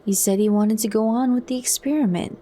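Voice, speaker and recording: A woman voicing a defiant, intense young male outsider in a soft, earnest whispered role-play. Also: high voice, brisk, lightly acted. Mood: subdued.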